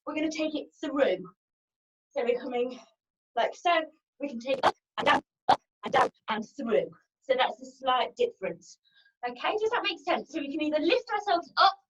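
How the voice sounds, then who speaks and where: A high-pitched woman coaching a workout class, cheering and counting reps with plenty of energy. She is out of breath between moves. The sound is dull and lo-fi, like a basic home video recording. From England. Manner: upbeat, encouraging, counts out reps. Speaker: fitness instructor. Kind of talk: live workout instruction.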